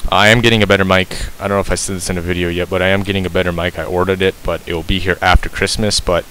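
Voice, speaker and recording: A man with a low voice talks through a game tutorial in a loose, rambling way, stopping to correct himself and filling gaps with ums. His heavy breathing comes through clearly on a cheap mic pressed close to his mouth, over a faint hiss. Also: little pitch movement, very fast, fairly bright tone, rough recording. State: breathing heavily. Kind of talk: casual gameplay tutorial.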